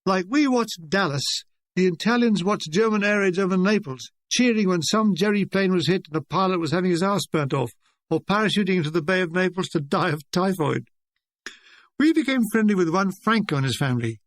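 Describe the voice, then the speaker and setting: A man in his sixties reading his own war memoir aloud with a wry, deadpan comic delivery. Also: high-pitched, a little fast, no room sound. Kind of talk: audiobook narration.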